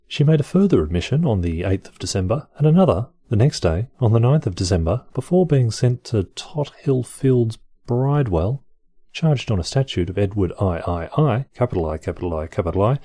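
A man's voice: on the low side, mellow, breathy edge. A man hosting a show where he reads encyclopedia articles aloud, breaking off into dry, wry and mildly profane comedic asides. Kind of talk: casual reading with offhand comedic asides.

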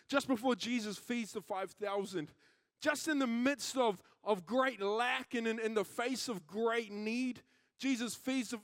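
A man preaches with lively, story-driven energy, jumping into the voices of the people he describes. His voice sits unusually high, and it is recorded dry, with no room sound. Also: no echo. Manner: animated storytelling, acting out quoted characters. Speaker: pastor. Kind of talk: sermon.

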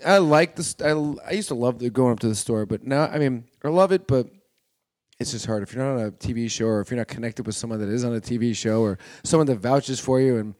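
A man, a stand-up comedian, telling stories in casual chat and acting out quotes loudly. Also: mid-range voice, quick pace. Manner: animated storytelling, acts out quotes loudly.

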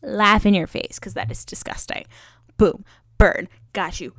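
A woman's voice: mid-range voice, sing-song, moderate pace, sharp tone, no echo, clean studio sound. A woman hosting a solo podcast, rambling and joking about herself with lots of fillers. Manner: rambling, joking and self-mocking; chatty with many fillers. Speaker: podcast host. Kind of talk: casual solo podcast chat.

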